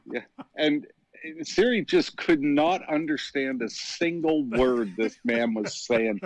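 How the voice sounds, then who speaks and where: A Canadian man co-hosting a tech chat, talking in a relaxed, hesitant way with many fillers. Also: a little high, slow. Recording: dry, dull lo-fi line.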